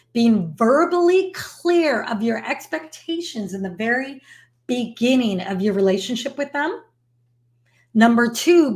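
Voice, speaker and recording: A woman who manages an artist's business and writes about it, telling a story and giving advice to camera in a lively, emphatic way. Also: fairly high pitch. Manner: animated storyteller, emphatic repetition.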